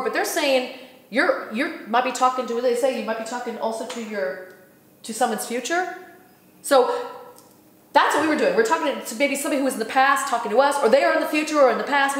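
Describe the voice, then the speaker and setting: A woman host talks in a loose, animated way, often laughing and slipping into others' voices as she retells a story. Her voice sits fairly high. The room around her rings with echo. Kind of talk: casual spiritual talk.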